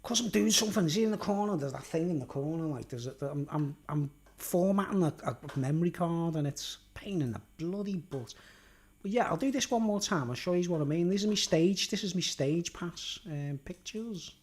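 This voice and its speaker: A man's voice: fairly high pitch, lively intonation, brisk, a little mellow, husky. A man rambling casually to camera in a vlog, swearing and filling his talk with "like" and "you know". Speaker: YouTuber.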